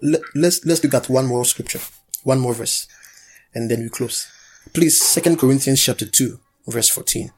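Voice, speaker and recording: A man's voice: mid-range voice, moderate pace, a little hiss or hum. A man preaching a sermon, urging and leading the congregation in call-and-response. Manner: exhorting, leads call-and-response.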